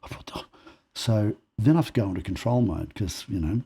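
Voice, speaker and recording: An Australian man guests on a podcast, recounting personal stories and performing the dialogue as he tells them. His lowish voice is gravelly with a breathy edge, and he talks fairly quickly in an animated, conversational way.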